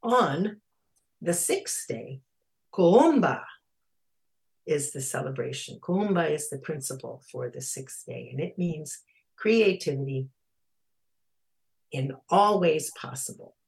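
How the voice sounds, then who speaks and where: A speaker explaining Kwanzaa in an informal lesson, reading bits from a children's book, thoughtful, with pauses and fillers, slowly spelling out Swahili words. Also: mid-range voice, animated, creaky, slightly rough.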